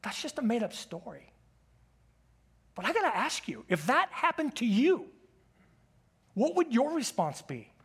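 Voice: medium pitch, big pitch swings, unhurried, long pauses, breathy edge. A preacher giving a sermon who walks listeners through an imagined story in the second person and presses them with direct questions. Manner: asks the congregation many direct questions.

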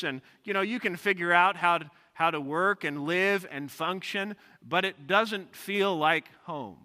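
Bright-voiced preacher in a reverberant hall. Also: male voice, on the high side, clear, resonant tone. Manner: reads scripture aloud and explains it with personal stories. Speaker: pastor. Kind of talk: expository sermon. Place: large church sanctuary. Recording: long reverb of a large hall.

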